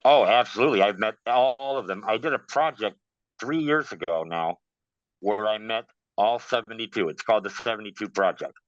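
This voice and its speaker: Man, casual interview talk, animated storyteller, dry muffled sound. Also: lowish voice, fairly quick, no echo. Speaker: guest practitioner.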